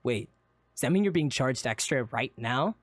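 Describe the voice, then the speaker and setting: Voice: medium pitch, lively intonation, moderate pace, no room sound. A streamer playing through a live game roleplay, stammering and rambling with lots of fillers. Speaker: streamer and player character.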